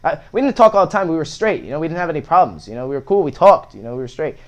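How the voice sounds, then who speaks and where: A man's voice: on the high side, sing-song, rapid-fire. A young man, a podcast guest, telling a story in a casual, profane way with many fillers.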